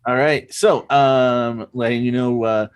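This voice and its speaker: A man's voice: medium pitch, fairly even intonation, slow pace, smooth. Rambling, self-mocking male comedy host. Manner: chatty and rambling, many ums, self-mocking jokes. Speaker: improv show host. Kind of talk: casual hosting, explaining game rules.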